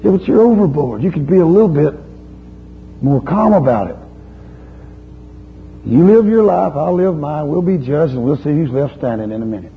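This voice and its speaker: A man preaching a sermon, telling a story in a lively, folksy way and chiding his listeners. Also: a little high, moderate pace, gravelly, pauses often. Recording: dull lo-fi recording with faint hum.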